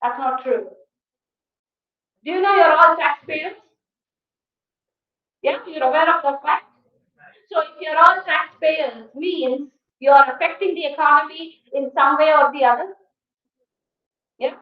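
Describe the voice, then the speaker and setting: A woman with an Indian English accent giving a guest lecture at a college, firing rhetorical questions at the class in an emphatic, animated way. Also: high voice, unhurried, long pauses. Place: lecture hall. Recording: echoey hall, distant dull mic.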